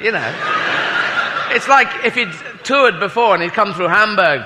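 A man's voice: a little high, expressive, moderate pace. A male stand-up comedian telling a rambling, self-mocking story with sweary asides. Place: comedy club with audience. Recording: live club recording with long reverb and crowd noise.

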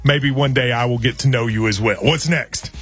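A man's voice: medium pitch, husky, faint music behind. A man co-hosting a sports radio show, joking and bantering with his partner. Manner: lively, joking, quick asides.

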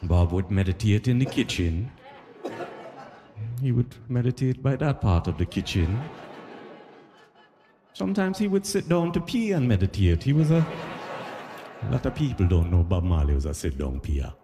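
Animated male stand-up comic in a hall. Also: lowish voice, normal speed, long pauses. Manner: animated, jokey storytelling with asides to the crowd. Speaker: stand-up comedian. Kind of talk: stand-up set. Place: live comedy stage in a hall. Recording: live stage recording with long hall reverb.

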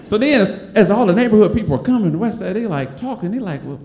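A man from Detroit in his forties tells a funny personal story on stage. His voice sits high and swings widely as he jumps between characters, laughing along the way. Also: fast talker, few pauses, echoey room, crowd noise. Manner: animated, laughs often, acts out other people's voices. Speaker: storyteller, stand-up comic.

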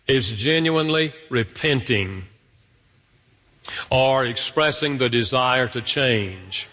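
A man preaching a sermon, his voice bright and forceful. He swings from loud, stressed lines to slow, soft asides. The words ring out with long reverb in a large hall. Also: medium pitch. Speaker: pastor.

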